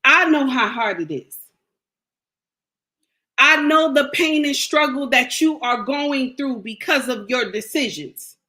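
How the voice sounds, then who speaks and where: A woman's voice: sits high, animated, slow, pushed and bright. A woman giving blunt, emphatic relationship advice straight to camera, scolding and repeating her points for weight. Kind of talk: direct-to-camera advice monologue.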